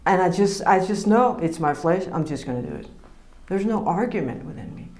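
A woman's voice: lowish voice, big pitch swings, brisk, a little mellow. A woman preaching an informal sermon, earnest and conversational, laughing often as she teaches. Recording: roomy echo.

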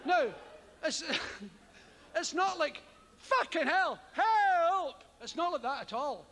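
A Scottish man doing stand-up comedy, telling a story with heavy swearing and loud yelped sound effects. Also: very high-pitched, takes it slowly. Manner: animated, profane, loud vocal sound effects. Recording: live hall with audience ambience.

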